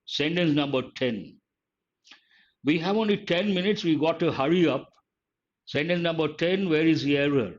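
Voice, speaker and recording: An older man with an Indian English accent teaching an online grammar lesson, emphatic and repeating key phrases slowly. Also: fairly high pitch. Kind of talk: online exam-prep lesson. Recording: slightly dull lo-fi audio.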